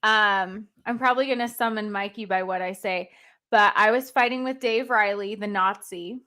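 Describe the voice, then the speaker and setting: A woman co-hosting a political stream from Connecticut, with snarky, deadpan humor. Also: medium pitch, moderate pace. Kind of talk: casual political chat.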